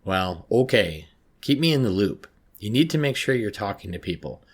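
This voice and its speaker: Man doing worried school counselor woman, probing, husky low voice. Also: very animated, moderate pace, exaggerated voice. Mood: concerned. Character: concerned female school counselor.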